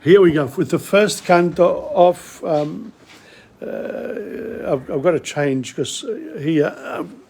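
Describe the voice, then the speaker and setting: Guy hosting a live online lesson, kinda high voice, lots of pauses hunting for words, drifts off topic. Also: lively intonation, darkish tone, slightly rough. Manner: halting, stops often to search for words; switches between English and Italian. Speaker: host and presenter of a live-streamed literature lesson. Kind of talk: live-streamed lecture, casual and digressive.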